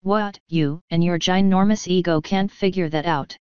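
A woman's voice: on the low side, fairly even intonation, moderate pace, smooth, no room sound, natural voice. A woman voicing a defiant female unicorn fighter, strained and taunting, in a slightly dull, dry recording.

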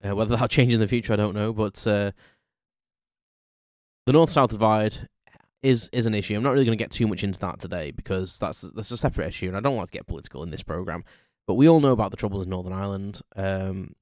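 A man with a lowish voice talks through an unscripted podcast monologue, rambling along with plenty of ums and false starts. The sound is dry and close, with no room around it. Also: no room sound. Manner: rambling, chatty, lots of ums and restarts. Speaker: podcast host.

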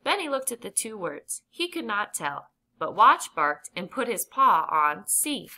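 Bright-voiced woman reading a storybook. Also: medium pitch, measured pace. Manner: clear, even reading pace with gentle emphasis. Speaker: audiobook reader. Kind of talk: children's storybook narration.

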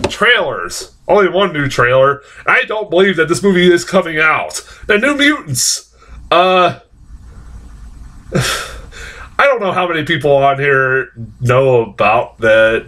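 A man's voice: medium pitch, sharp tone. A young man giving a casual, rambling film review, swearing often and getting worked up as he talks.

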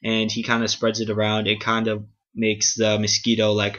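A man's voice: lowish voice, monotone, normal speed, a bit bright. A man casually recapping an anime episode, rambling and swearing, filling his talk with "like" and "um". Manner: rambling, profane, heavy use of "like" and "um". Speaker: anime reviewer. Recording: dull lo-fi webcam audio.

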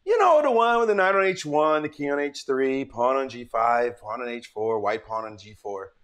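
A man's voice: medium pitch, moderate pace. A man giving a live-streamed chess lesson, telling stories and calling out to his viewers. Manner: animated, storytelling, calls to viewers. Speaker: chess teacher.

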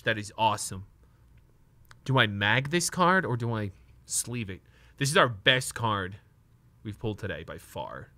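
A young man live streaming from a desk mic, talking to his chat in a keyed-up, nervous rush with the odd curse. His voice is lowish but bright and forceful. The sound is dry and close. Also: dry recording. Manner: excitable, nervous, talks to chat, swears. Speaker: streamer opening trading card packs.

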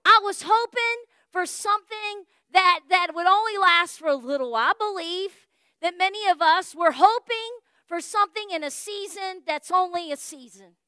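A woman pastor with a drawl tells a story from the pulpit, acting out every line of dialogue. Her voice sits very high and rings bright. The sound is close and dry, with no room echo. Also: normal speed. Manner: animated, folksy storytelling with acted-out dialogue. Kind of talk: storytelling sermon. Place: church.

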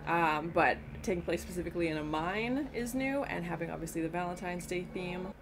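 A woman's voice: lowish voice, animated, fairly quick, background noise. Chatty woman reacting to a horror movie. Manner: chatty, exclaims loudly at scary scenes. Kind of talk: casual movie reaction commentary. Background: movie soundtrack playing.

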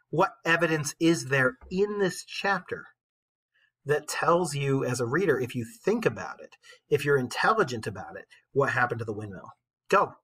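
A male teacher reading a novel aloud with expressive storytelling, pausing to comment for his class. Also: mid-range voice, slightly rough, poor audio.

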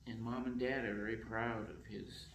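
A man reading a children's picture book aloud in a slow, expressive storytelling voice, in council chambers. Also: medium pitch, echoey room, a little hiss or hum, poor audio.

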